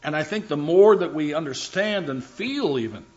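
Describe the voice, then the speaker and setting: Guy preaching a sermon, bit high voice, hammers his points by repeating em, muffled lo-fi sound. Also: animated, a little mellow. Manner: earnest, emphatic, repeats phrases for stress; reads scripture slowly and deliberately. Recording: dull lo-fi sound.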